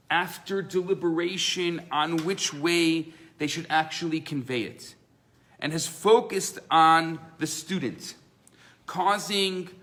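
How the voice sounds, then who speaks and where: A rabbi teaching a live class in a synagogue room. His voice sits a little high for a man, and he tells his stories with animated, acted-out quotes. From Canada. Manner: animated storyteller, acts out voices in his tales.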